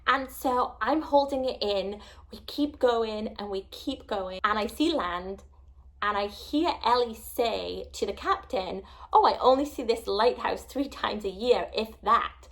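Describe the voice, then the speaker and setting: A young woman tells a travel story to her camera with rising excitement. She sounds close to tears and sometimes drops to a hushed whisper. Her voice sits a little high. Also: a little slow. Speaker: travel vlogger.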